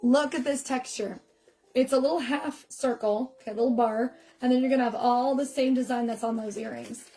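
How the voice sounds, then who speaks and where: A woman's voice: on the high side, fairly even intonation, brisk, dark tone, soft background music, low-quality recording. A woman selling jewelry on a live stream from her phone, chatting fondly and greeting viewers by name. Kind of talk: live-stream sales chat. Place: home, filming herself on a phone. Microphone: phone camera in selfie mode.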